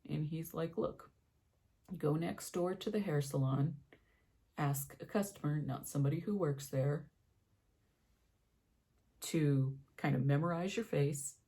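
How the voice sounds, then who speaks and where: A young woman tells a long personal story while she does her makeup on camera, and she slips into the voices of the people in it. Her voice is gravelly and husky, with a dark, mellow tone. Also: deep voice, a little slow, pauses often. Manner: animated storyteller, acts out quoted voices. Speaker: beauty vlogger.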